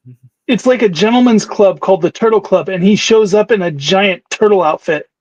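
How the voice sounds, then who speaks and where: A man co-hosting a casual podcast livestream, chatty and quick to laugh. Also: high-pitched, dry recording, poor audio. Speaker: podcast co-host.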